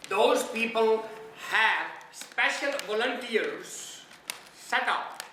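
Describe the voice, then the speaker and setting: A man's voice: sits high, lively intonation, extremely slow, pushed and bright, slight background noise. A man from India giving a spiritual talk on a hymn, often putting questions to his listeners. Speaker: spiritual teacher. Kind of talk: sermon on a hymn. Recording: echoey hall, distant mic.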